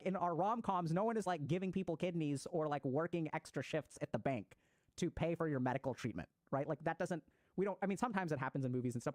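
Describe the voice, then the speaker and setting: Fast-talking man explaining psychology. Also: on the high side, a little mellow, no room sound. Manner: fast, conversational, acts out example voices. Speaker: psychiatrist giving a talk.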